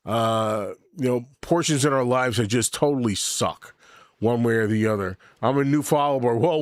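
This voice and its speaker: Using a desk mic with a camera, this middle-aged podcast host runs a casual livestream chat, speaking candidly and profanely in a rambling way while responding to his live chat. His voice is medium-pitched, with no echo and studio quality.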